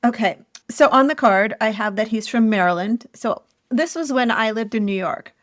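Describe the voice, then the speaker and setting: A woman's voice: fairly high pitch, normal speed, dry recording, clean studio sound. A woman co-hosting a podcast, telling stories in an easygoing, laughing chat. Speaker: podcast co-host, former escort. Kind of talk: casual storytelling chat.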